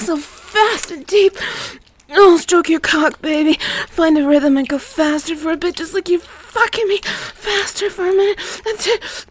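Breathy woman, really high voice, slow and drawn out, moany, slips into whispers a lot, guided erotic audio on a studio mic. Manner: breathy, moaning, often sliding into whispers. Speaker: host of an adult audio show. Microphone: studio microphone.

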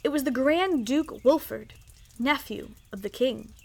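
A woman reading a children's story aloud in an expressive, lively way. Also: high-pitched, measured pace, creaky.

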